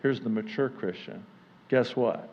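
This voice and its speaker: A male pastor preaching a sermon at a church service, building to near-yelling intensity before settling back into a conversational tone. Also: medium pitch, measured pace, lo-fi sound.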